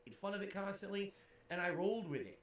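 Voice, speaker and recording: A man's voice: sits high, fast talker, a bit bright, roomy sound. A man livestreaming and reading out tips in a goofy, over-the-top, theatrical manner. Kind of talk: livestream chat.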